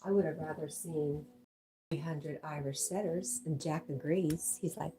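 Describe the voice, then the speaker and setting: Woman stream host, lowish warm voice, casual chat-reading and dog talk. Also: fairly even intonation, a little slow, rough recording. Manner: reads viewer comments aloud and chats with her dog. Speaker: livestream host.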